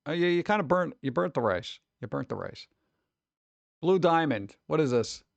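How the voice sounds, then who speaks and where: A man's voice: fairly high pitch, lively intonation, moderate pace, gravelly, dry recording, lo-fi sound. A man from New York streaming casually, reacting to chat with sarcastic, mumbled asides.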